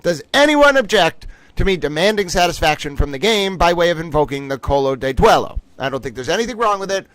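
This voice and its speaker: A man's voice: fairly high pitch, big pitch swings, a little fast, hardly any pauses, a bit bright, no echo, rough recording. A man hosting a casual livestream trivia game, reading out questions and making playfully indignant, rambling asides.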